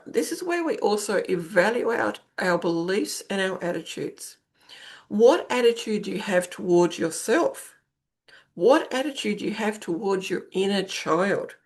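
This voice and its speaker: A middle-aged woman hosting a podcast, talking through self-help ideas in a conversational coaching manner and repeating phrases for emphasis. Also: medium pitch. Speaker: podcast host and intuitive coach. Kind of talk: spoken self-help monologue.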